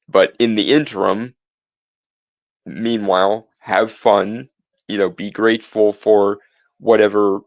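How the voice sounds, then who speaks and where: A man co-hosting a podcast, musing through his opinions in a halting way with many restarts and fillers. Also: lowish voice, steady tone, gravelly, no room sound. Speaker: podcast co-host. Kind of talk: casual opinion chat.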